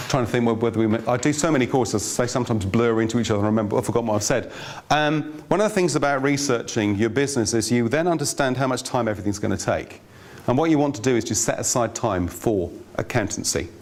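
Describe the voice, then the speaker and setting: A man presenting a finance course in a room with an audience, in a chatty, anecdotal way with wry asides. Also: medium pitch. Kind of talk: informal teaching talk.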